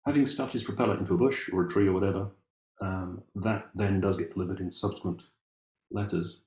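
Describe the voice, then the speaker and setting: A man's voice: low-pitched, fairly even intonation, a little fast, a little mellow, reverberant. Wry Englishman musing over old papers. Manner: musing, wry, with many ums and restarts. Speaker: amateur family historian presenting. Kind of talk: casual talk with read-aloud documents.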